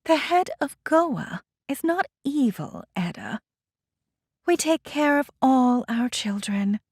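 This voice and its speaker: A woman voicing a calm, condescending female religious official in an audiobook, measured and soothing. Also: high-pitched, husky, no echo, clean studio sound, voice pushed up, heavily acted. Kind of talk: audiobook character voice.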